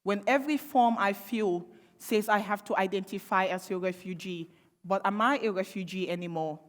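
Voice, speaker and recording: A young woman giving a public speech, impassioned and sarcastic, with rhetorical questions. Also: medium pitch. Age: young adult. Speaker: panel speaker. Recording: long hall reverb.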